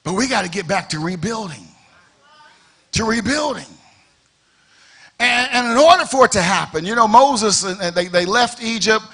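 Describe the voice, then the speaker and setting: A man preaching a sermon as pastor in a church, firing rhetorical questions, repeating phrases and building to shouted emphasis. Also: high-pitched. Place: church sanctuary.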